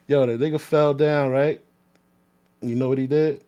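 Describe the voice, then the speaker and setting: A man's voice: medium pitch, warm tone, no room sound. A man, a former corrections officer telling a story in casual, blunt, profane talk that often restarts mid-sentence.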